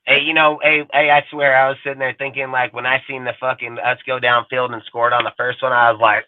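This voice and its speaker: A man co-hosting a casual sports talk show, cursing a lot and loudly acting out angry rants. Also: medium pitch, level tone, a little fast, few pauses, dry recording. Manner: loud, cursing, acts out rants in a shouting voice. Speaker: podcast co-host. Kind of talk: profane casual sports chat. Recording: dry tinny phone-like audio.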